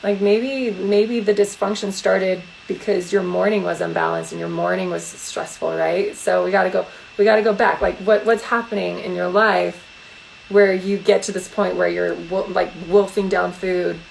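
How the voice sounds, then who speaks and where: A woman's voice: on the low side, steady tone, normal speed, gravelly, slight background noise, rough recording. A woman in her thirties hosting a casual live question-and-answer chat from home on her phone, frank and chatty with lots of rhetorical questions. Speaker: live-stream host and aromatherapist.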